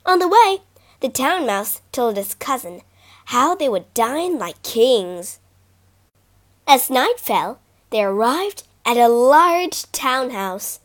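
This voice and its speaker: A woman reading children's fables aloud as a storyteller, expressive and animated. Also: high-pitched, slow pace.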